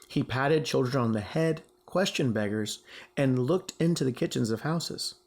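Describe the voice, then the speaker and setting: A man, a teacher, reading a storybook aloud with expressive, emphatic delivery. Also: medium pitch, normal speed.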